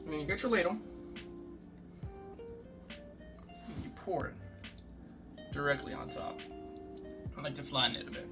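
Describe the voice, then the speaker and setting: A man's voice: fairly high pitch, expressive, a little slow, long pauses, over music. A young man casually talking through a home cooking video, rambling and joking with plenty of swearing. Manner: rambling, jokey, swears a lot.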